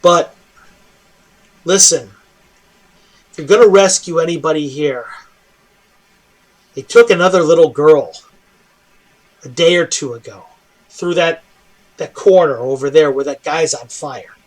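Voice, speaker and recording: A weary human prisoner, voiced by a man, pleads for rescue in a tabletop game. He rambles and repeats himself, with a voice pitched a bit high. His words stumble over one another. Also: a little slow, long pauses.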